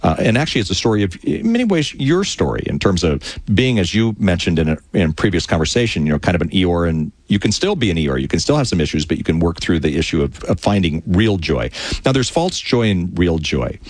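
A man's voice: low voice, sing-song, fairly quick, darkish tone, no echo. A man hosting an interview, asking thoughtful, leading questions. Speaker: interview host. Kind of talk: conversational interview.

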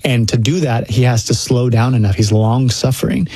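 Earnest husky-voiced dad talking faith. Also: male voice, mid-range voice, moderate pace, a little mellow, dry recording. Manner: earnest, reflective, speaks in lists of points. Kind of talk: faith-based podcast conversation.

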